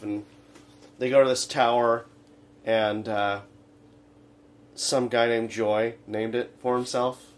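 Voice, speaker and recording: A man co-hosting a comedic radio talk show, retelling scenes in a rambling, halting way full of fillers. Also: mid-range voice. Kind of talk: casual comedic chat.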